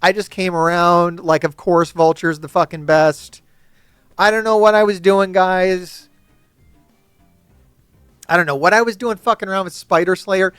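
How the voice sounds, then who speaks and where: A man giving casual gameplay commentary to his chat, swearing often and ranting excitedly about characters. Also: high-pitched, unhurried, pauses often, smooth, no echo, soft background music. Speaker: gaming YouTuber.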